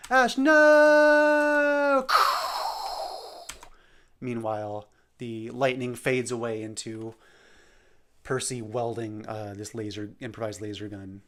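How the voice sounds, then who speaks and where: A man's voice: on the low side, little pitch movement, unhurried, slight background noise. Man casually rambling through a storyboard. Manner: rambling, self-deprecating. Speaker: animator.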